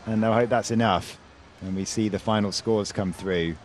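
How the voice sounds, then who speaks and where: A man's voice: on the low side, fairly even intonation, normal speed, darkish tone, slight background noise. A man doing sports commentary, calling out the scores and the gymnasts' names with a lift in his voice. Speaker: play-by-play commentator.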